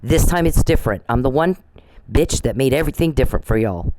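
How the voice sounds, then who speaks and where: A man's voice: mid-range voice, lively intonation, fast, darkish tone, dry recording, rough recording. A man podcasting alone, scornful and mocking, ranting at an absent person with profanity and repetition. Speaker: podcast host. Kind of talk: angry monologue addressed to an absent person.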